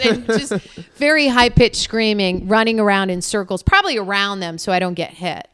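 A woman guest on a casual podcast, telling stories in an animated way and laughing often. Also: mid-range voice, normal speed, clean tone. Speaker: guest content creator.

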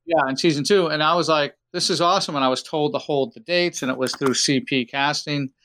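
A man's voice: on the high side, fairly quick, a bit bright, a little hiss or hum. A man who works as an actor, telling joking, rambling stories in a casual chat.

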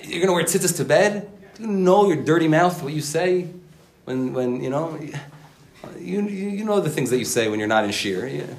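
A man's voice: medium pitch, sing-song, normal speed, vocal fry. A man voicing a taunting inner voice of temptation that mocks the listener's good intentions. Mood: mocking. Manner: mocking, taunting. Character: sneering inner voice of temptation, male.

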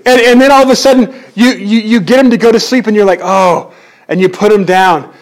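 Man, high voice, pastor, church sermon, animated, humorous asides, repeated restarts. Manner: animated, jokey, many quick restarts.

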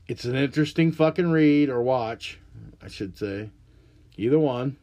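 A man's voice: medium pitch, unhurried, warm tone. A man hosting a solo podcast, delivering an angry, profane, rambling rant. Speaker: podcast host.

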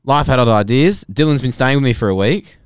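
A man's voice: mid-range voice, fast talker, smooth, no room sound, studio quality. A young man co-hosting a podcast, joking and swearing in casual chat. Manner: animated, jokey, swears. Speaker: podcast co-host.

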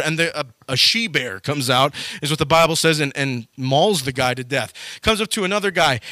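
A young adult man preaching in a casual, animated way, retelling Bible stories and acting out the characters in them. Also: on the high side, fairly quick, hardly any pauses, no echo. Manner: animated, acts out quoted characters with sudden loud jumps.

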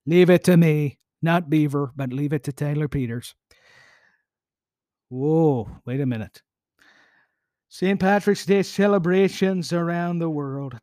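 A man's voice: fairly high pitch, dark tone, no echo, studio quality. A man hosting a podcast, reading history aloud and breaking off for playful jokey asides. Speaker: podcast host.

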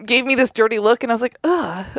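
A woman chatting casually on a podcast, telling an animated story, acting out the voices of the people in it and laughing and swearing often. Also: fairly high pitch, rapid-fire, dry recording.

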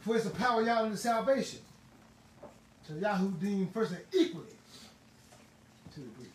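A man preaching a sermon in a fervent, emphatic way, now and then bursting into shouts. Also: high voice, lively intonation, normal speed. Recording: roomy, distant mic, faint ambient noise.

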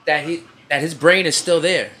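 A man's voice: on the high side, fairly even intonation, moderate pace, pushed and bright, slight background noise. A man in casual chat who talks emphatically and keeps repeating his points.

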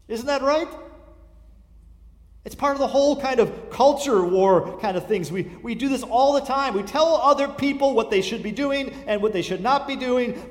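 A male pastor preaching a sermon, emphatic and given to repeating his key lines, moving between loud declarations and hushed asides. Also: high voice. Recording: long hall reverb.

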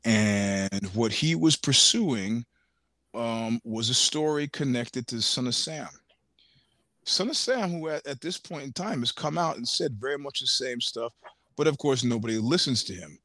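A man as a podcast guest, telling stories in casual chat, animated, laughing often and swearing freely. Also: medium pitch, a little slow, dry recording, studio quality.

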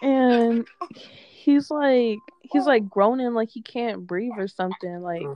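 A woman in a casual chat, telling an animated, profane story and quoting what others said. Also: a little high, slow, dry recording, highs cut off.

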